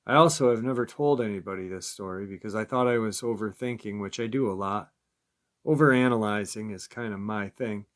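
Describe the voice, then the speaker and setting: A man narrating listeners' creature encounter stories in a steady, measured reading voice. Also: lowish voice. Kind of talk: scripted narration.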